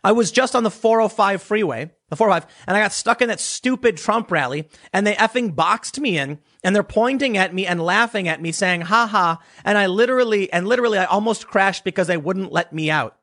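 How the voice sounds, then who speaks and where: A man's voice: sits high, animated, fairly quick, few pauses, a bit bright. A man mocking a panicky, self-pitying young woman driver in an exaggerated complaining voice. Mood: whiny mocking.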